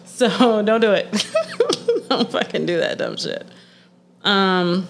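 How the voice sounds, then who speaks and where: A woman's voice: mid-range voice, slow, vocal fry. A young woman chatting casually and bluntly, swearing often and laughing a lot. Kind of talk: casual profane chat.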